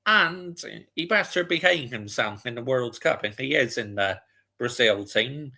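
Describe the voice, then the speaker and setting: Man, slow gravelly delivery, bright tone, casual watch-along streamer answering chat. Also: mid-range voice, lively intonation. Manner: chatty, reads out viewer comments and answers them. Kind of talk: casual live football chat.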